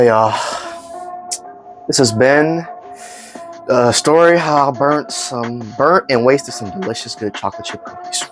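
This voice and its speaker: A young man telling a casual storytime vlog, acting out family members' lines in raised voices. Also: medium pitch. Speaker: vlogger.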